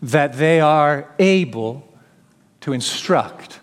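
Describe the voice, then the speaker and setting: A man's voice: fairly high pitch, animated, very slow, big-room sound. A man preaching an expository sermon, emphatic, sometimes paraphrasing the apostle in the first person.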